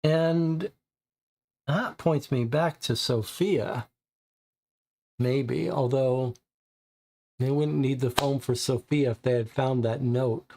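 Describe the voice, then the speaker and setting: A man's voice: medium pitch, takes it slowly, pauses often, a little mellow, slight background noise. A man playing a detective board game, reading cards and reasoning through clues aloud.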